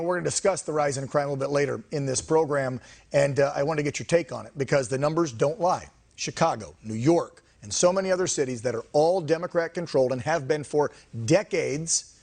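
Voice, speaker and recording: A man's voice: on the high side, vocal fry. A man hosting a TV news interview, chatty with sarcastic asides. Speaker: TV news host.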